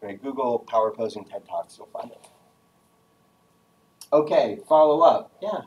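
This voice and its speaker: Energetic man giving a casual class talk. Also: mid-range voice, measured pace, pauses often, recorded from a distance, a little hiss or hum, low-quality recording. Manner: energetic, casual, jokey, acts out phone voices. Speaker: guest speaker giving a career talk.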